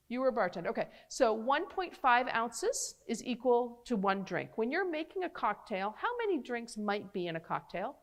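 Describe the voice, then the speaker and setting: A middle-aged woman doctor giving an animated public health talk, chatting directly with her audience. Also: mid-range voice. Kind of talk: lively public health lecture.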